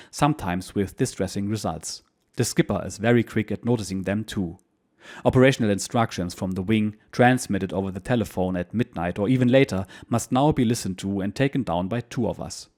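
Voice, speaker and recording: A man narrating a war memoir as a history channel host, in a steady, measured reading style. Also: lowish voice.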